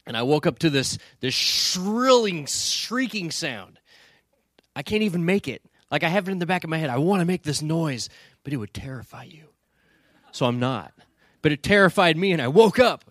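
A man telling a lively story with many restarts, building toward a lesson. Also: on the high side, no echo, studio quality. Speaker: speaker. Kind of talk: storytelling sermon.

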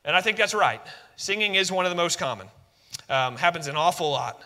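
A fairly high-pitched man with a drawl preaches to his congregation. His voice is very bright and ringing, and he shifts between folksy asides and energetic calls for the room to shout along. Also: a little fast. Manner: animated, leads call-and-response shouts, conversational asides. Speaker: pastor. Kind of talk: sermon. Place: church sanctuary.

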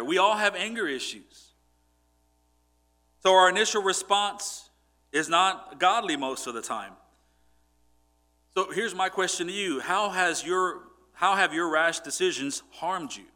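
A man's voice: fairly high pitch, bright, forceful tone. A man preaching a sermon and telling a personal story in a conversational way, with frequent restarts and repeated words.

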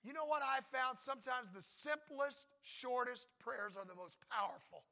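Bright, high-voiced preaching pastor. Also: male voice, normal speed, creaky. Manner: conversational, emphatic, acts out prayers and God's replies. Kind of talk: sermon.

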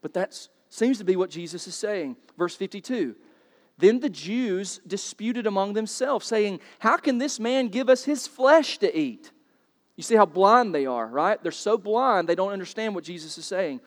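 A pastor with a fairly high voice delivers a sermon from the pulpit, firing rhetorical questions at the congregation at a moderate, animated pace. He moves from quiet explanation to loud, emphatic bursts, his voice ringing with the long reverb of a church sanctuary.

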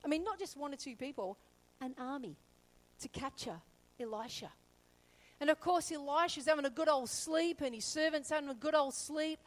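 A woman pastor preaching a sermon, telling a story lively and acting out the characters. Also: high voice, moderate pace, poor audio.

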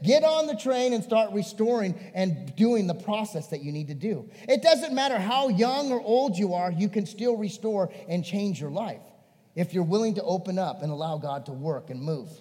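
Male pastor, high voice, animated preaching, reverberant hall. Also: normal speed. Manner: animated, swinging between emphatic and hushed. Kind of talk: sermon.

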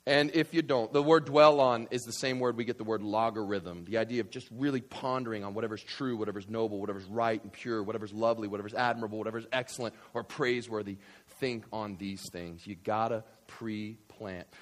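A man's voice: medium pitch, fast. A man preaching a sermon, acting out everyday small talk and repeating "right?" as he goes. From New York. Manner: animated, acts out everyday banter, rising to shouts. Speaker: pastor.

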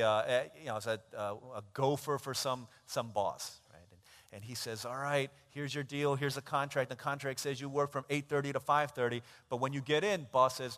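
A male preacher at a mid pitch delivers a sermon, telling an animated parable and acting out the characters' lines as he goes. His voice rings out with a long reverb tail from the hall around him.

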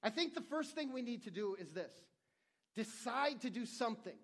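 A man's voice: very high voice, very animated, moderate pace, a bit bright. A middle-aged male pastor preaching a sermon in an earnest, conversational way, often restarting his phrases.

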